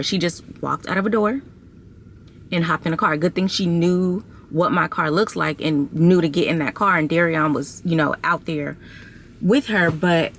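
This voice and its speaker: A young adult woman, six months pregnant, tells a story in a casual vlog, chatty and exasperated as she addresses her viewers as "y'all." Her voice sits on the low side at a moderate pace, with slight background noise.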